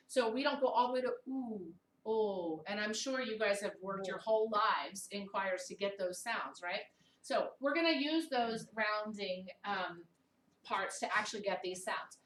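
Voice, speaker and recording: A woman in her thirties from Baltimore with a mid-Atlantic American accent, teaching a vocal technique workshop in an animated way and singing vowel sounds aloud to demonstrate them. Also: medium pitch, moderate pace. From Baltimore, USA. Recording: echoey room, distant mic, faint hiss.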